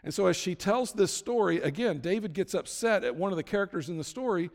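A man's voice: high-pitched, animated, fast, a little mellow. A man telling a sermon story in a casual, conversational way, now and then acting out what the characters say. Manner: casual retelling with acted-out quotes. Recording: long hall reverb.

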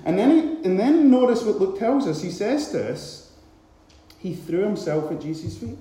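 Animated preacher man, very echoey hall. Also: sits high, moderate pace. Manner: animated storytelling, repeats for emphasis. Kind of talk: sermon.

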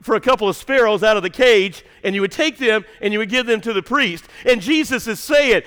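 A male pastor preaching a sermon in a church, swinging between shouted emphasis and hushed, near-whispered lines. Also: high-pitched, fast, clear, resonant tone. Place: church sanctuary. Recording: long hall reverb.

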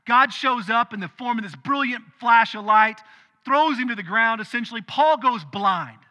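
Forceful, high-voiced male preacher. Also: long reverb tail, muffled recording. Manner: animated, conversational preaching with quick asides. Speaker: pastor. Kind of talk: sermon.

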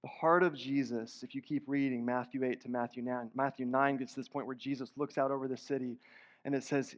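This pastor delivers a sermon in an earnest, conversational way, breaking into rising bursts of emphasis. His mid-range voice holds a fairly even intonation and moves fairly quickly. The church sanctuary recording sounds dull, with the long reverb of a hall.

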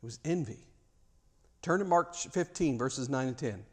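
A man's voice: mid-range voice, lively intonation, normal speed, a little mellow, husky. A man preaching a sermon, emphatic, with rhetorical questions and repeated words.

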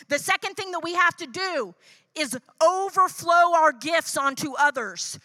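With no room sound in the recording, a woman whose voice sits high and sounds sharp gives a sermon. She speaks conversationally, relies on personal stories, checks in with "right?" and acts out what others said.

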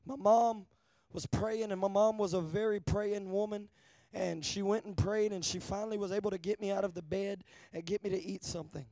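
Man, preacher, high voice, gravelly, dry sound, asks for amen, hushed then loud. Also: steady tone, fairly quick, no echo. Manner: call-and-response, asking amen often; shifts between hushed and loud. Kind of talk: sermon.

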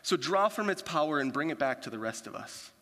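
A man with a fairly high, bright and forceful voice preaches to his church. He talks casually, telling stories and acting out little quoted asides. His voice rings out with a long reverb in a large church hall. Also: expressive, brisk. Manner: conversational, storytelling with quoted asides. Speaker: pastor. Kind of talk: sermon.

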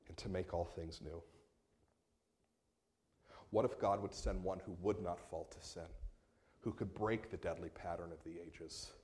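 A man preaching a sermon as pastor, moving between quiet, slowed passages and raised, emphatic appeals. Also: deep voice.

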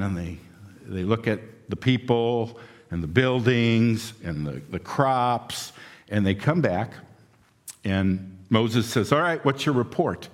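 A male pastor preaching a sermon in a relaxed, conversational storytelling manner, recorded in a church sanctuary. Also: medium pitch. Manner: conversational storytelling, acts out quotes. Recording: long hall reverb.

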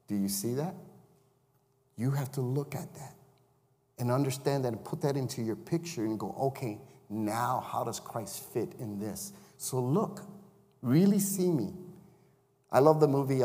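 A man's voice: mid-range voice, warm tone. Male chaplain-preacher, mid-range voice, chatty sermon delivery, recorded in a church sanctuary with a long echo. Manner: conversational, asks the congregation questions.

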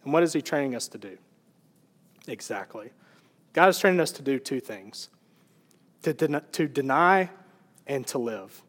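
A man's voice: mid-range voice, animated, normal speed, pauses often, fairly bright tone. A male pastor preaching a sermon in a church sanctuary, earnest and conversational, with some fillers and restarts. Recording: long reverb of a large hall.

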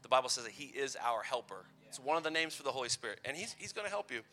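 A man's voice: medium pitch, big pitch swings, racing, bright, forceful tone. A man in his thirties giving a playful, conversational youth sermon full of personal stories. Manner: playful, conversational, teasing asides. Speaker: youth pastor.

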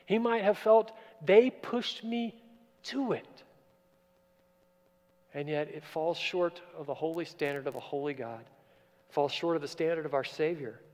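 A man preaching a sermon, expressive, moving between loud emphatic passages and quiet, low asides. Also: moderate pace. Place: church sanctuary. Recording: church with long reverb.

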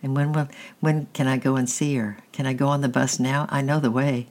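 A man's voice: mid-range voice, flat delivery, brisk, a little mellow, close to an everyday voice. A reader voicing an anxious young boy who asks urgent, pleading questions about his mother. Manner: urgent, questioning, a little raised.

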